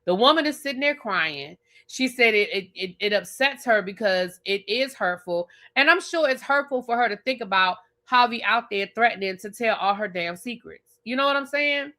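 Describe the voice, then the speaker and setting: With a fairly high-pitched voice, she talks at normal speed with few pauses. The woman, a TV reviewer and channel host, is doing a live review, animatedly and profanely ranting and speaking directly to the people on the show.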